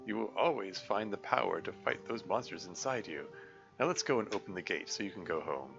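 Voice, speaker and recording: A man voicing a kindly old king who speaks in a gentle, fatherly way. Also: lowish voice, animated, brisk, gravelly, lo-fi sound, over music.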